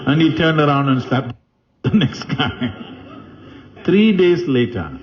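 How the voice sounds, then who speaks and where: A man's voice: medium pitch, big pitch swings, slow pace, long pauses, lo-fi sound. A man giving a spiritual talk, telling stories with animation and asking the audience questions. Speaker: spiritual teacher. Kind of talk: spiritual discourse with storytelling.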